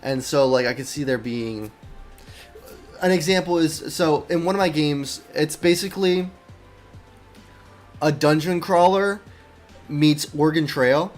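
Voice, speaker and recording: A man who is an indie game developer, rambling casually on a live stream. He uses lots of fillers, breaks off mid-sentence and keeps talking to himself, and his voice sounds worn and low. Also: unhurried, long pauses, faint music behind. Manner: rambling, full of fillers and self-interruptions; easily sidetracked, talks to himself. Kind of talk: casual live-stream chat while working.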